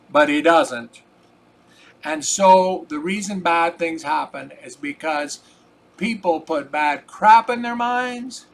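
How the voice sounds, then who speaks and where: A man's voice: on the high side, a little hiss or hum. An older man telling a personal story in a casual, rambling, folksy way, repeating "I says" and turning earnest and preachy about faith.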